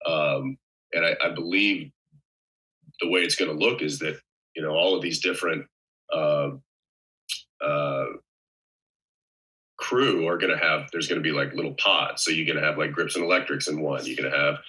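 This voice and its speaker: A man with a very low voice and a sharp, forceful edge to it, talking as a podcast guest. He explains at length, circling back with fillers and restarts as he works through his thoughts. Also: fairly even intonation, moderate pace, pauses often, rough recording. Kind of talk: casual chat.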